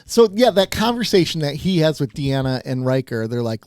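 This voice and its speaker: A man co-hosting a podcast in casual chat, lively and often asking questions. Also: fairly high pitch, normal speed, hardly any pauses, no room sound, clean studio sound. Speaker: podcast co-host.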